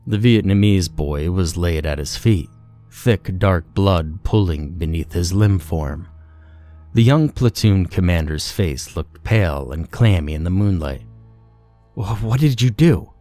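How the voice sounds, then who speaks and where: A man narrating a war horror story in a grim, measured, scripted way. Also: sits low, warm tone, faint music behind.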